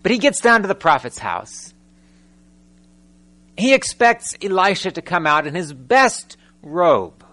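Lively male preacher, fairly high voice. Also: unhurried. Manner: animated storytelling, acting out scripture characters; frequent rhetorical questions to the congregation. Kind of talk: sermon.

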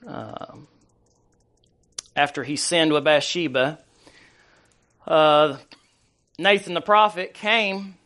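Guy preaching a sermon, a bit high pitched, lots of uhs, reads scripture out. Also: slow pace, long pauses, pushed and bright. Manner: conversational preaching with many fillers and restarts, scripture read aloud. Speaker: pastor.

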